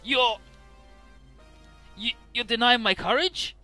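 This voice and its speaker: A man voicing a fiery, defiant young male hero from a video game, loud and strained. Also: extremely high pitch, slow pace, faint music behind, pitched above the performer's own voice, full character voice.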